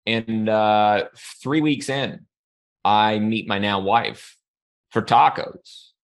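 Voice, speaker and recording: A man in his thirties from Canada, a podcast guest telling a personal story in a relaxed, rambling way, often restarting his sentences. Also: fairly low pitch, very slow. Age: 30s. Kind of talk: casual conversational storytelling.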